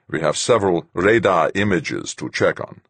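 A man playing a stern, humorless ship captain who gives orders in a slow, forceful way. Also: low-pitched, animated, vocal fry, slightly rough, dry recording, exaggerated voice. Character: stern, gruff middle-aged male ship captain.

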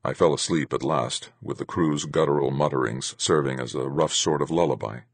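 A man narrates a first-person novel in a measured, steady way. His voice sits very low and has a husky edge. The recording is dry and close, with no room sound. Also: no echo. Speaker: audiobook narrator.

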